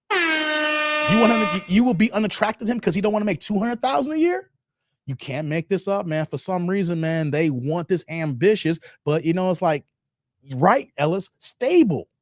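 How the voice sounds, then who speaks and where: A man hosting a live stream in a relaxed, slangy way, calling his viewers "man" and "brother" as he goes. His pitch sits a little high and swings widely. The sound is dry and close, with no room echo. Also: gravelly. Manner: slangy, repeats "man" and "guys", talks straight to chat. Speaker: live-stream host reacting to videos and chat. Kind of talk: casual live-stream chat.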